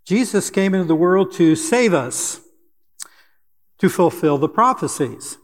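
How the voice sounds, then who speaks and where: An older man preaches a sermon in a fairly high voice, earnest and deliberate, pausing now and then with fillers. His voice carries a long reverb, as if heard in a church sanctuary. He speaks as a church elder addressing his congregation. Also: lively intonation.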